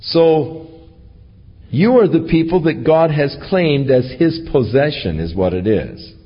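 A male pastor with a husky, unhurried voice and a lively pitch delivers an expository sermon, reading scripture aloud and then explaining it verse by verse. The recording sounds dull and carries a long reverb.

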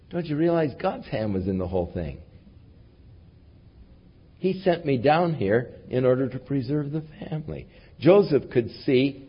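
A man preaching through a Bible passage, reading the verses aloud and then retelling them in casual, lively asides. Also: medium pitch, breathy edge. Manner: reads scripture then paraphrases it in casual, animated asides. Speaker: pastor. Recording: dull lo-fi recording.

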